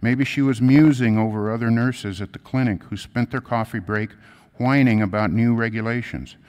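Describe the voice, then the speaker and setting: A man giving a sermon, reading a story aloud and then telling his own, in an earnest, quiet and measured way. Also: medium pitch, long reverb tail. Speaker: lay preacher. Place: church.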